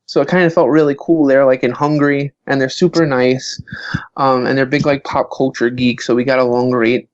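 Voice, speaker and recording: A man who is a guest on a podcast, an author and professor, telling stories in an animated way with many filler words. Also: medium pitch, fairly quick, no room sound, highs cut off. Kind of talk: casual interview chat.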